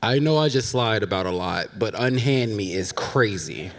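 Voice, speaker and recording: A man's voice: lowish voice, lively intonation, moderate pace, crowd noise. A man telling a funny personal story on stage, animatedly acting out everyone's lines in shifting voices. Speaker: live storyteller. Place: theater stage before a live audience. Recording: long hall reverb from a live stage.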